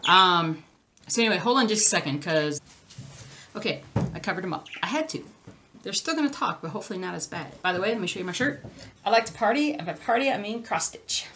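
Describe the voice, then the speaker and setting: A woman's voice: mid-range voice, animated, fast talker, a bit bright, a little hiss or hum. A woman hosting a crafting channel, chatting casually to the camera in a rambling, easily sidetracked way. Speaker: cross-stitch channel host.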